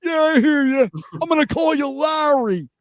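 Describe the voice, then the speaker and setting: A man putting on a squeaky, mocking impression of another man, shouting and nagging. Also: normal speed, dry recording, studio quality. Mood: mocking, shrill.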